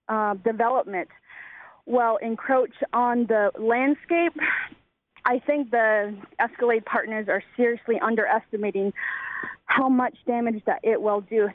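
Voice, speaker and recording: A woman's voice: a little high, dry recording. A woman from the Navajo Nation in Arizona, a river guide calling in to a radio show, speaking earnestly and stressing her key words. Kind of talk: call-in radio comment. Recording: tinny phone line, dry.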